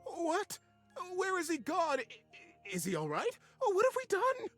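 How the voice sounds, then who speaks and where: An actor in a storybook game voicing a panicked crowd of beaver workers, with frantic, alarmed cries. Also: male voice, very high-pitched, wildly swooping pitch, a little slow, a bit bright, soft background music, pitched above the performer's own voice, full character voice.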